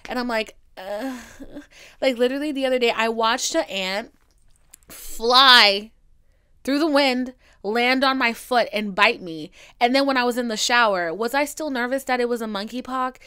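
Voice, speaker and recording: A young woman hosts her own comedy podcast and tells stories with sass and plenty of swearing. She has a bright, sharp voice that sits a little high. She swings from loud exclamations down to hushed, secretive whispers. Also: moderate pace, clear, resonant tone. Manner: profane, sassy storytelling. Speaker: podcast host. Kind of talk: comedic solo podcast monologue.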